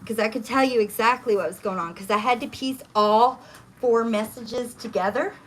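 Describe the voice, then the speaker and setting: A woman's voice: fairly high pitch, normal speed, slight background noise. A woman talking on a phone livestream from her home kitchen, swearing often and ranting in a heated, agitated way. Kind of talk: casual livestream chat.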